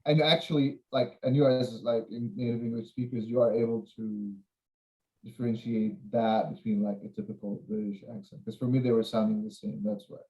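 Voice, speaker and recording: A man's voice: mid-range voice, fairly even intonation, brisk, highs cut off. Careful word-searching male host. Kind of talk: casual chat.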